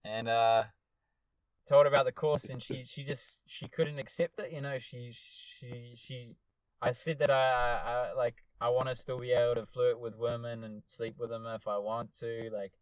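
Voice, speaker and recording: A young man co-hosting a podcast, telling an animated story with plenty of swearing and acted-out quotes. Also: medium pitch, moderate pace, clear, resonant tone, no room sound. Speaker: podcast co-host. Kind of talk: casual chat, storytelling.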